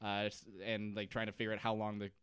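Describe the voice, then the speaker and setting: Podcast co-host, male, animated and jokey, breaks into character lines, smooth voice, dry close mic. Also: lowish voice, fast talker, dry recording. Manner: animated, laughs often, acts out characters' lines. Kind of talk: casual comedic recap chat.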